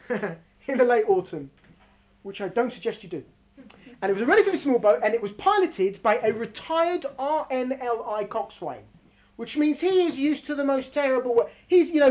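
A woman gives an animated religious talk and acts out the characters as she tells the story. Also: high voice, rough recording. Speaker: religious teacher.

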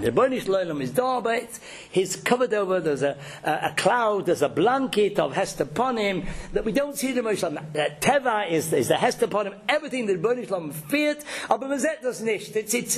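A man's voice: high voice, breathy edge. A man giving an informal religious talk, emphatic and storytelling, often repeating words as he restarts.

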